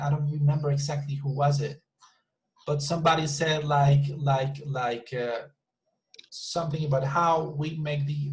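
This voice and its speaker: Guy teaching english on a video call, voice a bit high, keeps repeating himself and saying you see. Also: rough recording. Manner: repeats words often, says "you see" and "super" a lot. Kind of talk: online class explanation.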